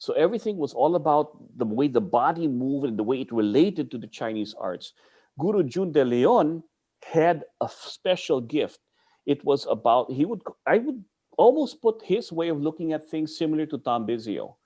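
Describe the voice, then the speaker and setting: A man's voice: fairly high pitch, big pitch swings, moderate pace, warm tone. A man from the Philippines tells a story with a voice that swings widely up and down. He talks bluntly as a martial arts guest and drops curses along the way. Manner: blunt, swears freely, mixes in Tagalog curses. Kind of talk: animated storytelling.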